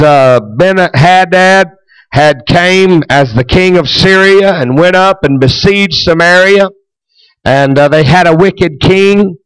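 A man's voice: a little high, clear, resonant tone, no echo, low-quality recording. A middle-aged man preaching a sermon, retelling scripture in folksy, plain speech.

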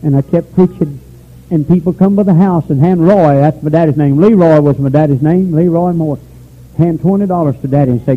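An older man preaching a revival sermon, swinging from fervent shouts down to low, quiet pleading. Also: moderate pace. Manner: fervent, rising to shouts then dropping low. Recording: tinny phone-like old recording with faint noise.

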